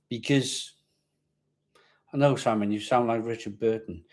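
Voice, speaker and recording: A man's voice: medium pitch, fairly even intonation, a little slow, long pauses, darkish tone. A man from Barry in Wales with a Welsh accent, chatting casually as host of a live stream, rambling and repeating himself, with a slight growl at the back of his voice. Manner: chatty, rambling, reads viewer comments aloud, repeats himself.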